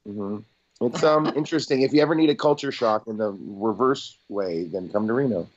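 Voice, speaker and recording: A man's voice: lowish voice, brisk, highs cut off. A man chatting on a comedy podcast, rambling and laughing as he tells a story. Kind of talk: casual comedy chat.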